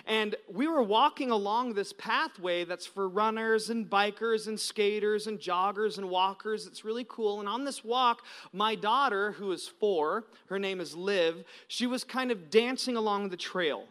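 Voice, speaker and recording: An American man in his thirties, a pastor preaching a sermon with animated storytelling that swings between loud and hushed. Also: sits high, unhurried, hardly any pauses.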